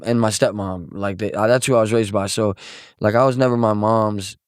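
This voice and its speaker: Young male guest from Missouri, casual storyteller, rambling and profane, lowish voice, dry close sound. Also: fairly even intonation, brisk, clean tone, no echo. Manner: rambling, profane, many filler words. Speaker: guest musician.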